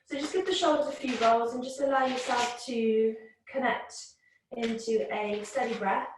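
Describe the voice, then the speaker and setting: A woman teaching a yoga class, guiding the breath in a calm, gentle, unhurried way. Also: a little high, slight background noise. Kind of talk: guided yoga and breathing instruction. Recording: very echoey room, voice from a distance.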